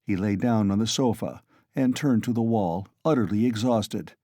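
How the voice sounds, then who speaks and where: A man narrating an audiobook with a steady, expressive reading. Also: lowish voice, normal speed, dry recording, clean studio sound.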